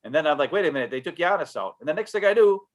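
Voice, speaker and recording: A man's voice: on the high side, lively intonation, rapid-fire. A man co-hosting a casual sports podcast, telling stories in a frustrated, blunt way. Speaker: podcast co-host.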